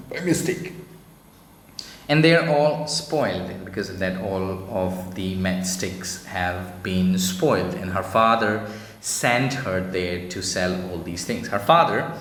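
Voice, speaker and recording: A man's voice: deep voice, a bit bright. A male teacher with an Indian English accent explaining a story to students, loosely paraphrasing with many fillers. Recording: echoey room with long reverb, faint noise.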